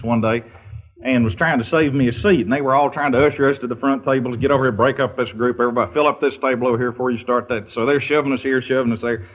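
A man's voice: mid-range voice, breathy edge. A man telling funny anecdotes in a folksy, rambling storyteller's way, now and then laughing or singing a line. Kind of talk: humorous storytelling. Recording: dull lo-fi recording.

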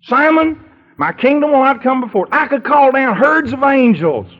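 A preacher putting on a firm, commanding teacher. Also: male voice, very high voice, very animated, normal speed, pitched above the performer's own voice, heavily acted. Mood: firm rebuke. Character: calm, commanding adult male teacher rebuking a follower. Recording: dull lo-fi recording.

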